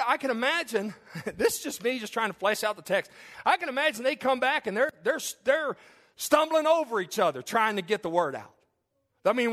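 A man preaching a sermon in a lively, conversational way, with humorous asides and acting out the figures in the story. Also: high-pitched.

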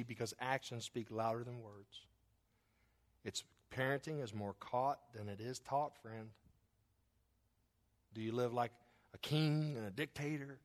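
Emphatic preacher man asking questions. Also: medium pitch. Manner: emphatic, repeated rhetorical questions. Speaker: pastor. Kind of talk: sermon.

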